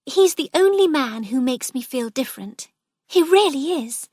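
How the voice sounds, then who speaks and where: A woman's voice: animated, moderate pace, a little mellow, dry recording, studio quality. Woman voicing an eager, dreamy young girl. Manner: eager, girlish, higher voice.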